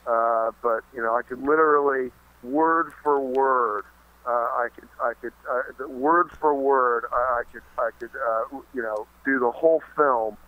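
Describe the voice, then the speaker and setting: A man being interviewed in casual chat, halting with many restarts and fillers, and swearing freely. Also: mid-range voice, steady tone, phone-quality sound. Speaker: interview guest.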